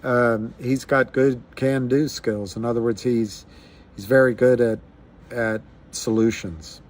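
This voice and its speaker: A man's voice: medium pitch, steady tone, slow. A man hosting a casual livestream, musing aloud in a rambling way with frequent restarts. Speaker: livestream host.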